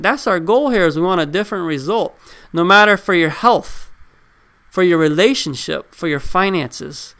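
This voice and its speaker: A man's voice: sits high, fairly bright tone, clear, resonant tone. A man giving a casual motivational talk, speaking straight to his listeners with questions and driving his points home by repeating them. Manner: conversational, drives points home with repetition; addresses listeners directly with questions. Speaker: self-help speaker.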